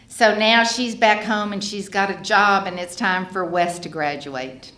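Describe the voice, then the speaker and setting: A woman's voice: mid-range voice, a little slow, hardly any pauses. A woman, speaking at a recovery fellowship gathering and telling her own story, acting out the voices of the people in it. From Texas. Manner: lively storyteller who acts out quoted dialogue. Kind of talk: personal storytelling talk. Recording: roomy hall recording with faint background noise.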